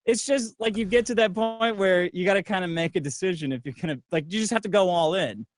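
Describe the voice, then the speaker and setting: A middle-aged man telling a profane, brash story in casual livestream talk, acting out other people's lines in a lower voice. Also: quick pace, no echo, studio quality, faint music behind. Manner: acts out others' lines in a low voice. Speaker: guest.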